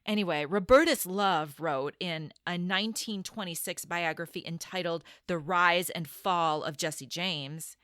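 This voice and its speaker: A woman co-hosting a casual podcast, explaining history and reading quotes aloud in a measured way. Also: on the low side, a bit bright, no echo, studio quality. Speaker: podcast co-host.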